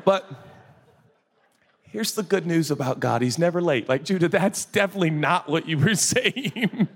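Male pastor, expressive sermon delivery, husky tone, wide swings in pitch. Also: normal speed. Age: adult, a father. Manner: animated, jumps into high-pitched acted voices, then drops low and soft.

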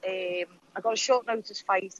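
A woman's voice: mid-range voice, moderate pace, highs cut off, noisy background. A young woman with a Liverpool Scouse accent telling stories bluntly and swearing freely in a casual interview. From Liverpool, England. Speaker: guest fighter.

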